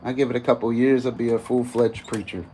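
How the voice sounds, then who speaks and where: A man's voice: mid-range voice, little pitch movement, a little fast, dark tone, slight background noise. A man livestreaming in a casual, boastful, preachy way, quoting scripture at length.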